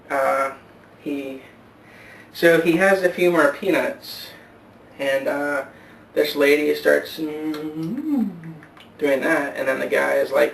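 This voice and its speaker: Guy rambling thru a joke at home, kinda high voice, roomy echo, faint hiss. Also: gravelly, fairly bright tone, far from the mic. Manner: halting, rambling, many fillers and restarts. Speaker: vlogger. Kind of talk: rambling joke telling to camera.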